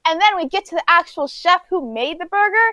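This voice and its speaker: A woman co-hosting a casual podcast chat, telling an animated story with laughs and acted-out quotes. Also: very high-pitched, fairly quick, dry recording. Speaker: podcast co-host.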